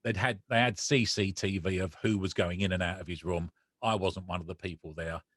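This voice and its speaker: A man's voice: deep voice, fairly quick, dry recording, studio quality. A man, a podcast guest, telling a personal story with feeling and acting out the conversations he recalls. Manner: emotional, animated retelling with quoted dialogue.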